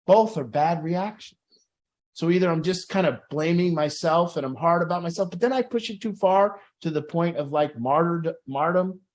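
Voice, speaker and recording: A man's voice: fairly high pitch, a little mellow. A man talking earnestly to a recovery group, acting out people's inner voices as he explains. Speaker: group facilitator. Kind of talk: motivational group talk.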